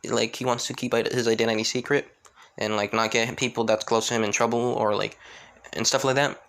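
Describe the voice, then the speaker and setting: A man's voice: mid-range voice, level tone, brisk, gravelly, fairly bright tone. A young man casually narrating a fan story, rambling with frequent restarts and hesitations.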